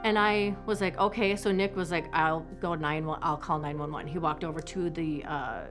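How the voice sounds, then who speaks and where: A woman, a mother recounting her family's story in a halting, heartfelt interview. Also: deep voice, steady tone, over music. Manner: halting, with many restarts, reliving events. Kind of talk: personal testimony interview.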